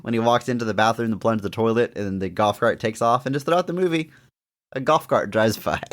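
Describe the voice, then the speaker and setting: A young man co-hosting a casual podcast, reviewing a film with lots of laughing and excited jumps in pitch. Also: fairly quick. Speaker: podcast co-host. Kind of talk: casual movie review chat.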